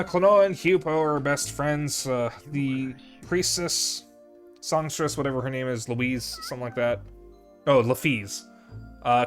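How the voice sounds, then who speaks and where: A young man talks through a game stream in a loose, candid way, swearing freely and drifting between thoughts with plenty of "uh"s. His pitch sits in an ordinary middle range. Soft music plays faintly underneath. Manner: candid, profane, rambling with fillers. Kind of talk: casual gameplay commentary.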